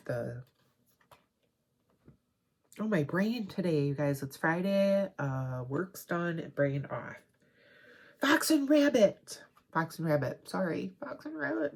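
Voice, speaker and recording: A woman hosting a crafting video, chatting casually and rambling excitedly as she shows off her haul. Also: deep voice. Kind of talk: casual show-and-tell haul.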